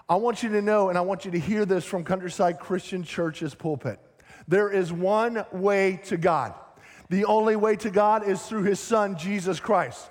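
Animated pastor, long church echo. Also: male voice, sits high. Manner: animated, self-deprecating humor. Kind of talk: sermon. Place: church sanctuary.

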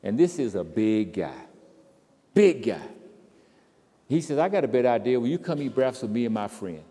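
A man preaching a sermon, swinging from quiet storytelling to loud, impassioned crescendos. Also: mid-range voice, sing-song, moderate pace. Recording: reverberant hall.

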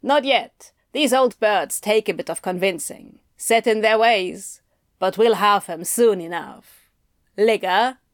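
A woman's voice: medium pitch, takes it slowly, dry recording, clean studio sound. Pushy office manager, lectures his team; a woman narrator voices him. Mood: lecturing. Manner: bossy, lecturing. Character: brisk male sales manager, pushy.

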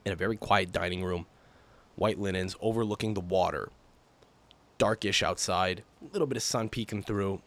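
A young man hosting his own podcast, telling stories casually in an animated, profane, exaggerated way. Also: fairly low pitch, normal speed. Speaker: podcast host. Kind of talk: casual solo podcast storytelling.

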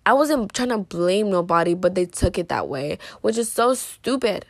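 A woman's voice: medium pitch, animated, normal speed, hardly any pauses, dry recording. Teen girl rambling thru a storytime, tons of likes, joking n dramatic, dry close sound. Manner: rambling, heavy use of "like" and "you know". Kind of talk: casual storytime monologue.

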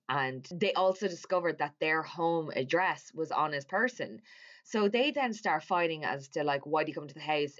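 Speaking in a low-pitched voice over dull audio, a woman recaps the plot of a horror film in a casual, chatty way. She swears freely and acts out the characters' lines as a movie recapper.

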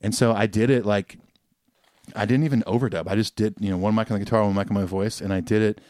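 A man's voice: lowish voice, steady tone, quick pace, darkish tone, no echo, clean studio sound. A man who is a guest musician, reflectively telling stories in a casual podcast chat. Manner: reflective storytelling, hesitant.

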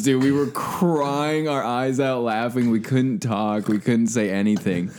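A man from Omaha hosting a podcast, telling stories in an animated, profane way. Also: medium pitch, unhurried, hardly any pauses. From Omaha, United States. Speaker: podcast host. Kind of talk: casual podcast chat.

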